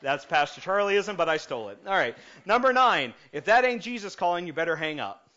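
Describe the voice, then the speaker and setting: A man preaching a lighthearted sermon as pastor, joking with his congregation before settling into calm, earnest preaching. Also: sits high, fairly quick. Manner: jokey and animated, then calm and earnest. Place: church sanctuary. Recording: muffled lo-fi sound.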